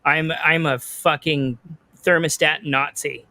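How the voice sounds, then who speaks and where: A young man holds forth on a casual podcast, ranting and cursing with lively comic outrage. His voice sits a little high and sounds close and dry, with no room around it. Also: slow pace, no room sound. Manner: profane, ranting, animated.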